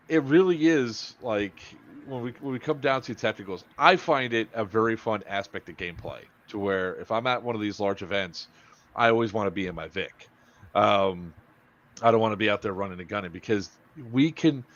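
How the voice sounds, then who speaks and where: Low-voiced man hosting casual chat, lo-fi. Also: a bit bright. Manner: rambling, halting, many fillers and restarts. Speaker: podcast host.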